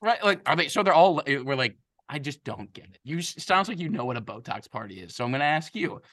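Co-host, man, bright forceful tone, dry close sound, jokey and rambling. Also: fairly high pitch, lively intonation, quick pace, no echo. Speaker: podcast co-host. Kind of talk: casual podcast chat.

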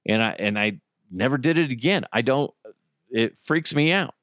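A man hosting a solo podcast while high, rambling, swearing heavily and laughing often. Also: animated, normal speed, a bit bright, dry recording, studio quality. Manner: profane, rambling, frequent laughter. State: high on cannabis. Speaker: podcast host.

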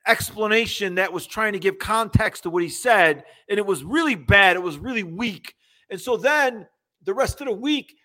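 A man co-hosting a casual sports talk show, ranting in an animated way and mocking what others said. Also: very high voice. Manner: animated, ranting, mocks quotes.

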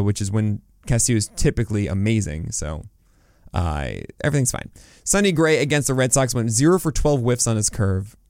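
A man hosting a casual podcast, chatty and animated, rattling off stat lines with self-mocking asides. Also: mid-range voice, no room sound, clean studio sound. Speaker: podcast host. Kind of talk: casual podcast talk on fantasy baseball.

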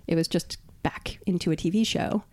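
A woman with a lower-pitched voice tells a story as a podcast guest. She is from Brooklyn and talks in a loose, animated way. She laughs often and swears freely. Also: normal speed. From Brooklyn, New York. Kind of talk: casual storytelling conversation.

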